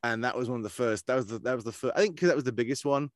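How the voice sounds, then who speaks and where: A man who works as a voice actor, chatting casually in an interview and telling animated stories. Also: mid-range voice, rapid-fire, dry recording, studio quality. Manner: animated storyteller who slips into character voices. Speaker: voice actor guest.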